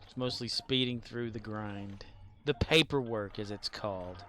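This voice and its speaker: A man's voice: fairly low pitch, measured pace, bright, forceful tone. Rambling self-deprecating male streamer. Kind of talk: casual chat while gaming.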